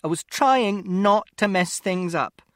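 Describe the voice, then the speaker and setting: A man reading an audiobook voices a stressed, tired mother who speaks slowly and swings between hushed and raised words. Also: high voice, dry recording, clean studio sound, pitched above the performer's own voice. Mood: strained, weary.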